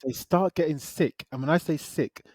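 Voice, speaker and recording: A man from the UK co-hosting a podcast, casually reviewing films in a slangy, relaxed way with lots of asides. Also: on the high side, moderate pace, dry recording. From United Kingdom. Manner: laid-back, slangy, retells plots with asides. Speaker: podcast co-host. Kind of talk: casual film review chat.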